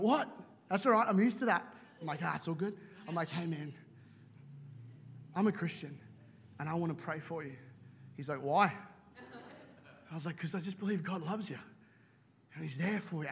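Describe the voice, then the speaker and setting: A high-pitched man preaching in a church auditorium. He tells jokey stories and throws in quick asides, and his voice trails off in a long hall reverb. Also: creaky, husky. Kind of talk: sermon.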